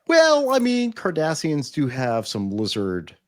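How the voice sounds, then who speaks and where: A man's voice: fairly high pitch, huge pitch swings, a little slow. A man hosting a TV review podcast, reading a scripted intro and then explaining plot points in casual chat. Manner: explanatory, with frequent fillers and restarts in chat. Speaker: podcast host reviewing TV episodes.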